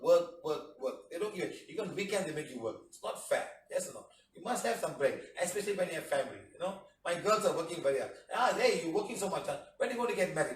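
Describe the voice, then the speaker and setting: A man with giving a spiritual healing lecture, chatty, often acting out quoted voices and asking rhetorical questions. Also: on the high side. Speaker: healing teacher. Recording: echoey room, mic at a distance.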